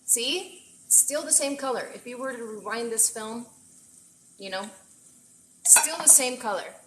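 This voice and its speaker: Woman chef streaming from her kitchen, gushy and excited, kinda high bright voice, roomy echo. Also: unhurried, slight background noise. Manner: gushing, exclaims often, mixes in Spanish phrases. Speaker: chef streaming a cooking session. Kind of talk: casual livestream cooking chat. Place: home kitchen.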